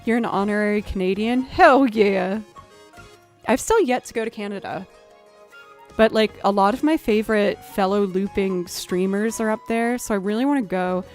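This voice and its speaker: Woman streamer, mid pitch, chatty and self-deprecating, faint music behind. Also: moderate pace, a little mellow. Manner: jumps up in pitch when surprised. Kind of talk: casual live-stream chat.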